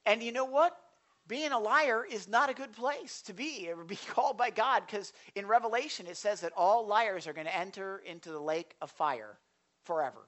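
A man preaching a sermon as pastor of a church, animated, swinging between quiet asides and loud, forceful delivery, speaking into a stage microphone in a church sanctuary. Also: high-pitched, normal speed.

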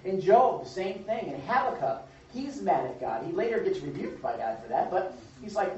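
A man leads an interactive Bible lesson for a group, lively and engaging as he asks questions and affirms answers. His voice is high-pitched at normal speed. He sounds distant from the mic in a very echoey room, with slightly dull sound and slight background noise.

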